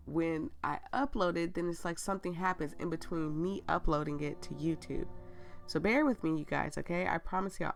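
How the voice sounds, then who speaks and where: A woman's voice: low voice, gravelly. A woman with a stuffy cold, chatting casually and apologetically to viewers while playing a game. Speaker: let's play host.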